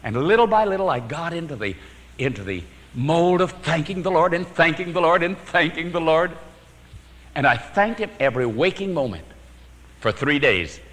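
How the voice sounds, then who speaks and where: A man preaching a sermon, telling his own story with sudden swings from emphatic to hushed and chuckling at his own jokes. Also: a little high, expressive, moderate pace, long reverb tail, low-quality recording.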